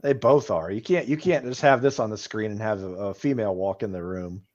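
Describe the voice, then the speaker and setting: A man's voice: lowish voice, brisk, a little mellow. Laughing man co-host on a dull mic. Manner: laughing, trading wrestling trivia. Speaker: podcast co-host. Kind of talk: casual chat.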